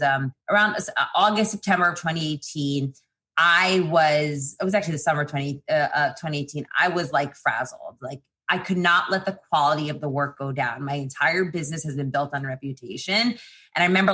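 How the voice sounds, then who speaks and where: Deep-voiced, chatty businesswoman guest. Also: fairly bright tone. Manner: fast, chatty, many fillers and restarts. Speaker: PR agency founder, guest. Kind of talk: casual interview talk.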